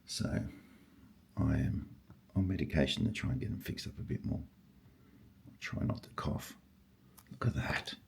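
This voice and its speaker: An older man with a very low, gravelly voice that sounds husky, thinking aloud at his desk. He drifts between quiet murmurs and excited exclamations. A faint hiss sits under the recording. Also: moderate pace, pauses often. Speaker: stamp collector. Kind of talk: casual vlog, thinking aloud while sorting.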